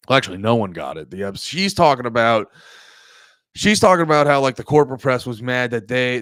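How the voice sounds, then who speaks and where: A young man, hosting a livestream and rambling through loud, profane casual commentary. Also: medium pitch, clean tone, dry recording. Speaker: livestream host.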